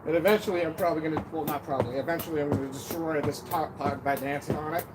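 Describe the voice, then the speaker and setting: A man's voice: on the high side, racing. A man chatting casually and joking on a live stream from an outdoor deck, sometimes a little out of breath. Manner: chatty, joking, self-deprecating. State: out of breath at times. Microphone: camera on a stand. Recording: outdoor noise behind the voice. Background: birds and wind.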